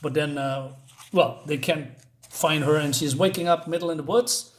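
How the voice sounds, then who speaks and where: A man's voice: a little high, normal speed. Hesitant man recapping a comic. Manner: hesitant, many fillers. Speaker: comic reviewer.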